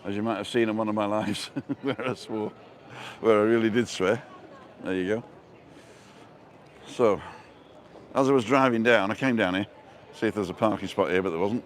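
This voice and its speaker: A man's voice: fairly low pitch, normal speed, pauses often. A middle-aged man hosting a casual live stream as he walks outdoors through town streets, chatting and reading out viewer comments with a joking manner.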